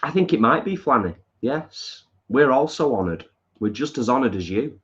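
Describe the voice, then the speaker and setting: A man's voice: mid-range voice, big pitch swings, normal speed, highs cut off. A man with a northern English accent co-hosting a casual live stream from his lounge, reading viewer comments aloud and answering them. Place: home lounge.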